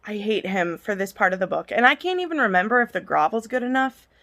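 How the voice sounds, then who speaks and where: A woman's voice: mid-range voice, animated, fast talker, sharp tone. A woman in a casual vlog rant, heated and passionate, swearing freely as she reviews a book. Her voice sits in a middle register. She sounds irritable, as someone on pain medication.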